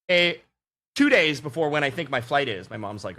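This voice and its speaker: A man co-hosting a podcast, telling a long story in an animated, filler-heavy way. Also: medium pitch, fairly quick. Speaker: podcast co-host. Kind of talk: casual storytelling chat.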